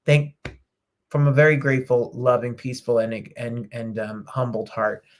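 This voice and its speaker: A man's voice: medium pitch, little pitch movement, moderate pace. A middle-aged man hosting a live talk show, chatting effusively and emotionally with his viewers. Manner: effusive, emotional, sings snippets. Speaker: host. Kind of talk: casual live show chat.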